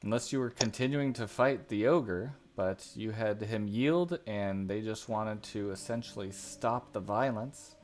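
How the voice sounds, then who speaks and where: A man narrating as game master of a tabletop game, deliberate and with fillers. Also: fairly low pitch, darkish tone. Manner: slow, deliberate, uses fillers.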